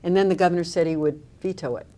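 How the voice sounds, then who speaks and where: A middle-aged woman, telling an animated story with wry humor in an interview. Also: fairly low pitch, quick pace.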